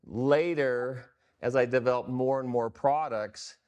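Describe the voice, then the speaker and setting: Relaxed man telling his story. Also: medium pitch, a little slow, clear, resonant tone, highs cut off. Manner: relaxed, rambling, self-correcting. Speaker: guest, fitness product founder. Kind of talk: casual interview storytelling. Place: company showroom.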